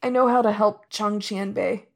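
Audiobook role: shaken young man, wry even when rattled, broken-off phrases, read by a woman. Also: mid-range voice, vocal fry, voice pushed up, close to an everyday voice. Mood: urgent. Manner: shaky, halting, broken-off phrases. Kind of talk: audiobook reading.

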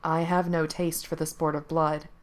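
A woman voicing a grave, kind young prince who speaks in a measured, solemn way. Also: deep voice, little pitch movement, close to an everyday voice.

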